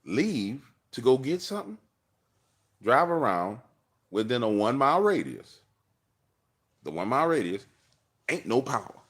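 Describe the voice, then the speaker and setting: A man hosting a livestream from his car, telling a personal story in a slangy, animated way and acting out the dialogue. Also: medium pitch, normal speed, pauses often, slightly rough. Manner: slangy, acts out dialogue, laughs often. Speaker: livestream host.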